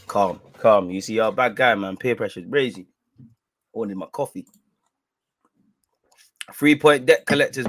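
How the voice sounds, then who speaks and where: A man's voice: on the low side, moderate pace, pauses often, fairly bright tone. Slangy man, bantering vlogger. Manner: slang-heavy, playful banter, teasing. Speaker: football vlogger. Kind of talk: casual fan vlog. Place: indoors in front of a green screen.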